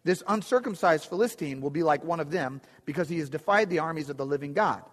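A man's voice: fairly high pitch, animated, quick pace, long reverb tail. A man retelling a story, voicing a bold teenage shepherd boy who speaks with confident indignation.

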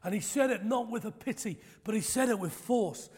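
Male preacher, high voice, fervent emphatic sermon, self-deprecating humor, long hall reverb. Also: brisk, husky. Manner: impassioned, rising to loud emphatic preaching; self-deprecating, joking asides. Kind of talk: sermon with prayer and personal testimony.

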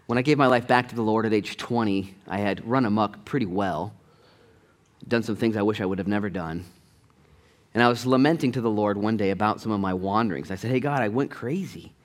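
Speaking briskly, a middle-aged pastor delivers a sermon full of animated stories, his pitch and loudness jumping suddenly. He keeps a conversational tone and talks straight to the people in the pews.

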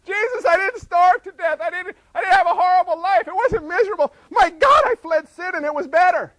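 A man's voice: very high-pitched, normal speed, no echo, pitched above the performer's own voice, exaggerated voice. A man voicing an overjoyed believer who has just met Jesus after death, exclaiming in disbelief. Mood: elated. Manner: excited, shouting, breathless exclamations.

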